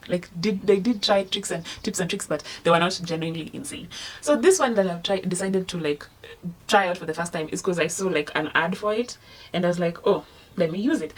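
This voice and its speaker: A woman's voice: lowish voice, slightly rough. A young woman with a Kenyan accent, chatting casually in a rambling storytelling vlog and laughing at herself. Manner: drops to a hushed voice at times. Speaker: vlogger.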